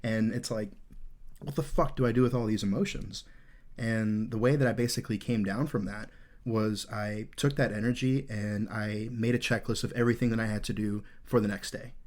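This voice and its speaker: A man's voice: lowish voice, fairly even intonation, normal speed, a little mellow. A man in his thirties hosting a podcast, telling a story in casual talk, intense and earnest, swearing in nearly every sentence and rambling with fillers. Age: 30s. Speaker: podcast host.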